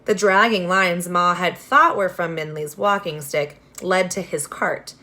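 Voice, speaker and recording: A woman reading a children's novel aloud, expressive, with casual asides to her listeners. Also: on the low side, measured pace. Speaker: reader.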